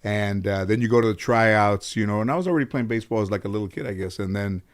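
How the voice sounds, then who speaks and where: A man's voice: on the low side, fast. A middle-aged man from the Los Angeles area telling childhood stories in a casual interview, acting out his relatives' voices and swearing freely. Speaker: interview guest, comedian.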